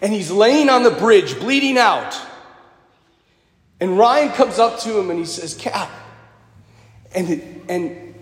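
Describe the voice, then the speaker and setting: A priest gives a sermon in a church, his voice pitched high for a man and swinging widely as he talks. He speaks in a conversational, humorous way and drives points home by repeating them. The sound is roomy, with a long reverb trailing each phrase. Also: unhurried, long pauses. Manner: lively and conversational, with humor and emphatic repetition.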